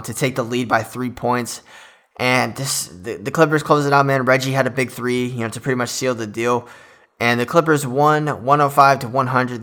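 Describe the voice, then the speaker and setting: A man's voice: medium pitch, pushed and bright. A young man hosting a casual solo sports podcast, chatting loosely with lots of fillers and an enthusiastic fan's energy. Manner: chatty, filler-heavy, enthusiastic fan talk. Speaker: podcast host.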